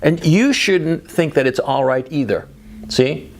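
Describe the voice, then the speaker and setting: A man talks straight into the camera in an opinionated monologue that is blunt and laced with profanity. His voice sits a little high and has a gravelly edge. He drops into low muttering, then jumps up into sharp emphasis. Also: a little slow. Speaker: video commentator.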